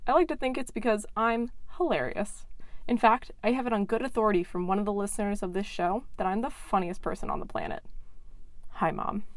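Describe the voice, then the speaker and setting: A young adult woman hosting a science podcast, reading a scripted intro in a playful, excitable, self-mocking way. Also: on the high side, dry recording. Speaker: podcast host.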